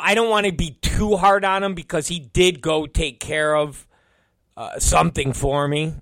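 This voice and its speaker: A man's voice: a little high, a bit bright, no echo, clean studio sound. A middle-aged man hosting a podcast, telling an exasperated story in a profane, casual rant. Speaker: podcast host and wrestling promoter.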